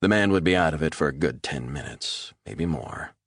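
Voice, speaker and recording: A man reading a thriller audiobook as narrator, steady and measured. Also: very deep voice, creaky, no room sound, studio quality. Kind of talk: scripted narration.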